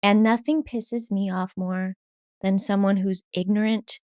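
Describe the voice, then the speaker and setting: A woman therapist as a podcast guest, speaking candidly and with energy, quoting people in lively voices. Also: medium pitch, clean tone, no room sound. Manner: candid and lively, quick bursts, laughs, acts out quotes. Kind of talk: casual conversation.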